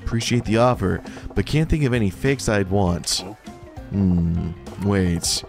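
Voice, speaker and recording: A laid-back gangster from a fan-dubbed game, played by a man. He talks low and dry in an unhurried drawl, with faint music underneath. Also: expressive, creaky. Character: cool laid-back male gangster, middle-aged.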